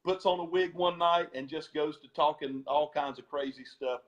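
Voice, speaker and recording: A man's voice: a little high, moderate pace, lo-fi sound. A man, a former gospel singer, tells stories as a guest in an interview, laughing often and repeating words as he goes. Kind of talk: storytelling interview.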